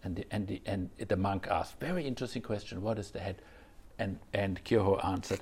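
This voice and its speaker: Speaking as a Zen teacher in a thoughtful dharma talk, a man with a low, husky, slightly mellow voice keeps revisiting phrases. He fills his pauses with "you know."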